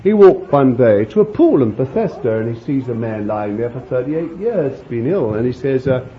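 A man preaching a conversational sermon, rambling warmly with chuckles and fond asides to his listeners. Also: medium pitch, big pitch swings, normal speed. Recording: dull lo-fi recording with faint hiss.

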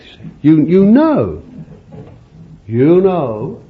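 Male preacher with a folksy, conversational sermon delivery and an animated pitch, on a muffled lo-fi recording. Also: measured pace. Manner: folksy, conversational preaching with many "you see" asides. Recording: muffled lo-fi recording with faint hiss.

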